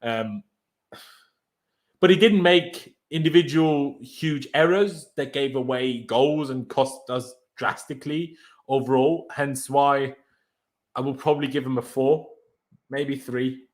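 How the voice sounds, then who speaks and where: A man's voice: medium pitch, slow pace. Laid-back man hosting a fan chat. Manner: relaxed, laid-back, often trails off quietly. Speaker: podcast host leading player ratings.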